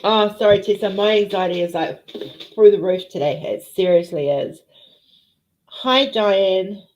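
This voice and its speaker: A woman's voice: medium pitch, unhurried. A woman hosting a casual live chat with viewers, emotional and teary, greeting people by name. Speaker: livestream host. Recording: dull lo-fi stream audio.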